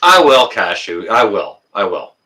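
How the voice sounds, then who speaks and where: A man's voice: on the low side, sing-song, a little slow, sharp tone, far from the mic. A man hosting a casual livestream, reading viewer comments and ranting, getting worked up and then apologizing.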